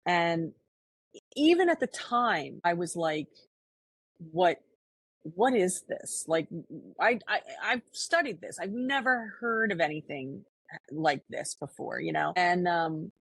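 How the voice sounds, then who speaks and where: Husky-voiced woman, low and earnest. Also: very animated, a little slow, a bit bright, no room sound. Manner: earnest and reflective, frequent restarts. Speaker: podcast co-host. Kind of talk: casual conversation.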